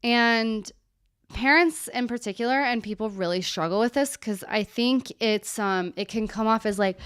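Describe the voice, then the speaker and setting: A woman hosting a live stream as a therapist, answering viewer questions in a candid, animated way and now and then swearing casually. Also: on the high side, normal speed, clear, resonant tone, no echo, clean studio sound.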